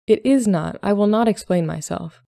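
A woman voicing a proud, sharp-tongued young Regency lady who speaks in clipped, formal phrases. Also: mid-range voice, moderate pace, gravelly, dry recording, clean studio sound, close to an everyday voice. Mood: indignant. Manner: clipped, flustered, formal period speech.

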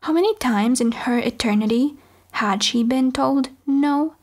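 A woman reading a novel aloud as an audiobook, in measured first-person storytelling. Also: high-pitched, darkish tone. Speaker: audiobook reader. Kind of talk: audiobook narration.

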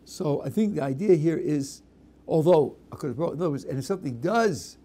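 A rabbi gives an emphatic Q&A lecture in a fairly high, mellow voice. He explains with worked examples and leans hard on key words. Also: expressive, fast. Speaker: rabbi answering questions.

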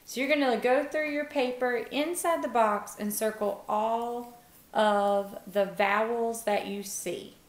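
A woman teacher giving a phonics lesson to young children, encouraging and sounding out words with pauses. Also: fairly high pitch. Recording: echoey room.

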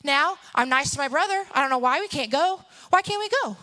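A woman's voice: sits high, expressive, brisk, pushed and bright. A woman voicing her impatient five-year-old child who nags over and over. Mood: whining. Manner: nagging, repetitive.

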